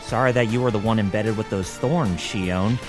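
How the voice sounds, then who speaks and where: Male streamer, lower voice, relaxed explainer, faint game music underneath. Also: moderate pace. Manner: explains the story plainly, many fillers. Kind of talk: casual chat while playing a game.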